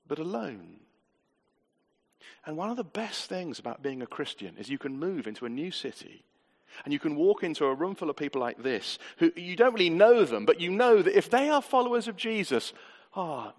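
A man preaching a sermon to a church gathering, earnest and conversational, often asking the congregation rhetorical questions. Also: mid-range voice. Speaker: pastor. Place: church hall. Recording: long hall reverb.

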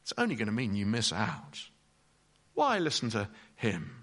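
A preacher acts out a sly devil who wheedles and plants doubt, his voice bright and lively in pitch. The tone coaxes rather than threatens, sliding up and down as it insinuates. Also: moderate pace, full character voice. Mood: coaxing. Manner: coaxing, insinuating.

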